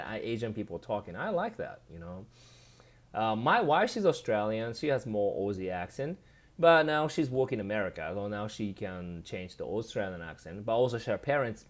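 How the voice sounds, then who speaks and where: Japanese-accented male streamer, slightly low pitch, chatty and loose, reads out viewer comments and replies. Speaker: live streamer. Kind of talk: casual live stream chat.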